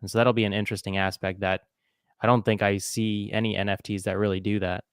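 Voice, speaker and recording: A man's voice: lowish voice, level tone, quick pace, clean tone, no echo. A man co-hosting a casual podcast roundtable, explaining things in an easygoing way. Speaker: podcast co-host.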